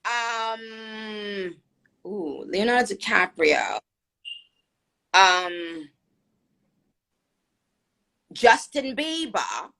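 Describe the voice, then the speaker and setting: A woman's voice: medium pitch, very slow, creaky, pauses often. A woman with a New York accent hosting a live stream, chatting casually with many fillers. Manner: chatty, animated, lots of fillers.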